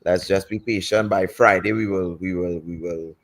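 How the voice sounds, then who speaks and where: A man co-hosting a football fan stream, talking casually in halting, rambling sentences. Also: low-pitched, steady tone. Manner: rambling, halting, with many fillers and restarts.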